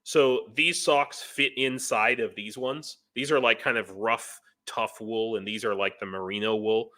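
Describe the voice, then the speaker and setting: American volunteer guest, bright tense tone, loose chatty delivery with chuckles. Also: male voice, on the low side, fairly even intonation, unhurried. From United States. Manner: rambling, chuckling between points. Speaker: guest, foreign volunteer in Ukraine. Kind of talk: casual live-stream conversation.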